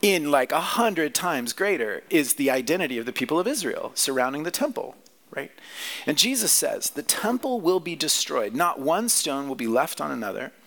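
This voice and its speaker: A man's voice: fairly high pitch, very animated, moderate pace, vocal fry, a bit bright. A man preaching a sermon, teaching through a scripture passage in a conversational way and often asking the listeners questions. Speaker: pastor.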